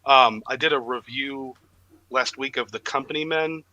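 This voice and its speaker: A man's voice: medium pitch, normal speed, pushed and bright, muffled recording. A man who has written a book, chatting as a podcast guest over a video call, rambling with plenty of fillers. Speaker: author and guest. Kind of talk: casual chat.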